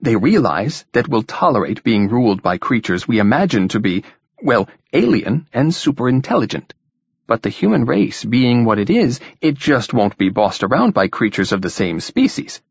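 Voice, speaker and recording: A man's voice: medium pitch, sing-song, normal speed, gravelly, breathy edge, no echo, exaggerated voice. A man reading the part of an eager young man full of theories, in an earnest, keen manner, in a dull lo-fi recording.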